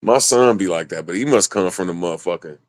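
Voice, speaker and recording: A man with a low voice in loose, joking conversation, swearing freely and breaking into laughter. The sound is dry and close, with no room around him. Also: fast talker, dry recording. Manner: laughs often between lines. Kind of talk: casual chat.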